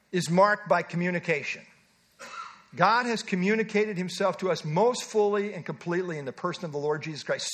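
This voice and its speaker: A middle-aged man preaching a sermon, earnest and emphatic, slowing down to stress key phrases. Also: high-pitched, fairly bright tone. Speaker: pastor.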